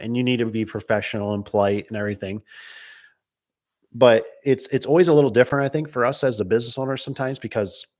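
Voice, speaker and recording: A middle-aged man who owns a garage door business, talking casually and rambling through stories and comments with lots of quoted dialogue. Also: lowish voice. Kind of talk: casual talk answering viewer comments.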